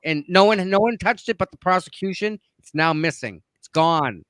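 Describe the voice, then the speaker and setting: A man's voice: sits high, expressive, moderate pace, fairly bright tone, clean tone, dry recording. A man with a Boston accent arguing his points emphatically in a livestream discussion, repeating himself for weight.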